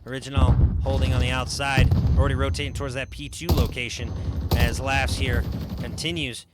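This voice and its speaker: A man doing excited play-by-play commentary on an online shooter match, with loud hype calls and constant "folks" to the viewers. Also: mid-range voice, a little fast, very noisy. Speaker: esports caster.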